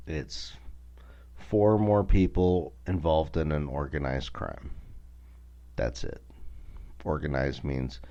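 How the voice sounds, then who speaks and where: Deep-voiced Southern man ranting. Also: slow, creaky, long pauses, mellow, muffled recording. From American South. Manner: blunt, profane, ranting. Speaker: podcast host. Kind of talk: casual solo rant.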